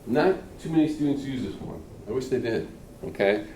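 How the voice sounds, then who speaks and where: Recorded from afar in a roomy classroom with faint room noise, a middle-aged man teaches public speaking. His mid-range, darkish voice moves at a moderate pace with lively intonation as he chats casually, checks in with "okay?" and mimics audience reactions.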